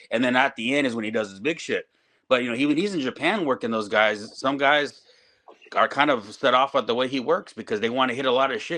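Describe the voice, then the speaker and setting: A middle-aged man talks shop as a veteran wrestling trainer, cursing freely and telling his stories with energy. His voice sits at a middle pitch for a man. It is a casual podcast conversation. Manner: profane, animated storytelling.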